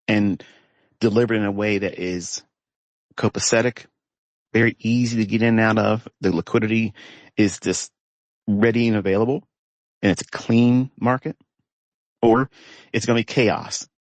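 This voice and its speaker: A trading educator talks off the cuff from inside a parked pickup truck, ranting emphatically and scornfully and drawing out the words he stresses. His voice sits on the low side, and the recording carries no room sound.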